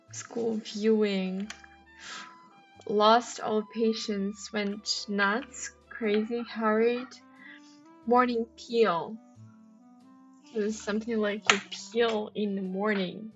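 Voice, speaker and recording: Thinking aloud as she tackles a crossword on a livestream, a woman with a slightly bright, mid-range voice reads out clues and hesitates over answers with plenty of ums. The recording is lo-fi and dull, with music faintly audible.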